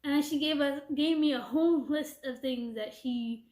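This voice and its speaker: A woman's voice: high voice, moderate pace, a little mellow. A young woman telling a casual storytime rant, animatedly retelling a back-and-forth conversation. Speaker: vlogger. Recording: echoey room.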